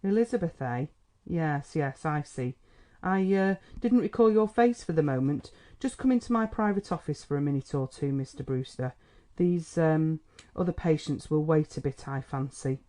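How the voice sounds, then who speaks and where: A man's voice: a little high, lively intonation, moderate pace, dark tone, natural voice. A man reading a testy, stern old-fashioned doctor. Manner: testy and brusque. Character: stern, gruff middle-aged male country doctor. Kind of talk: audiobook character reading.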